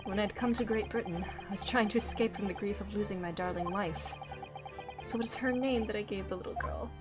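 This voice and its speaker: A woman reading aloud as a grieving older male professor, solemn and measured. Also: medium pitch, music in the background, pitched below the performer's own voice, lightly acted. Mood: sorrowful. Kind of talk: reading game dialogue aloud.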